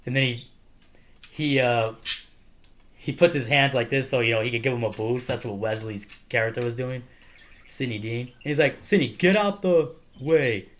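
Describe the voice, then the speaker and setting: A man's voice: medium pitch, steady tone, moderate pace, long pauses, fairly bright tone. A man casually talking through a favorite movie, rambling with lots of fillers and frequent laughter. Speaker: movie reviewer. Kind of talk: casual movie review monologue.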